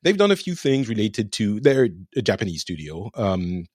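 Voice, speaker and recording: Man, French accent, guest co-host, casual chat, hesitant fillers, lively pitch, dry close sound. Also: normal speed, no room sound. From France. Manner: hesitant, filler-heavy, playful. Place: home in the countryside.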